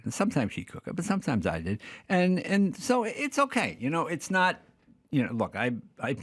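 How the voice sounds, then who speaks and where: An older man talking as a podcast guest, telling stories casually and acting out the people in them with lively voices. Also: mid-range voice, no echo. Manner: acts out the dialogue in lively voices. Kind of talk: casual storytelling.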